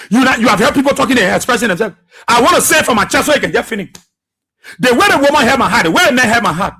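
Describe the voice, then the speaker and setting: Husky high-voiced radio host. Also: male voice, animated, very fast, sharp tone. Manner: preachy, impassioned, repeats phrases for emphasis. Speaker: radio talk show host. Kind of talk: political commentary.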